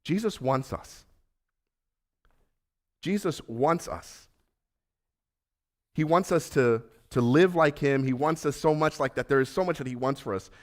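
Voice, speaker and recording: Animated preacher, swinging loud and hushed. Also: male voice, on the high side, brisk, few pauses. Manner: animated, acts out voices of Jesus and Peter, swings from loud to hushed. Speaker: pastor. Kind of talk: sermon.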